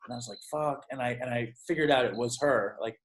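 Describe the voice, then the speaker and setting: A man's voice: mid-range voice, fast talker, slight background noise. Rambling, profane male storyteller. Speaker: podcast guest. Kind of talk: casual storytelling.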